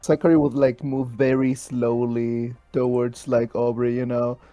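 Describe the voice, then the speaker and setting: Tabletop player, mid-pitched, hesitant speech full of fillers. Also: level tone, unhurried, over music. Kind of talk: tabletop role-play.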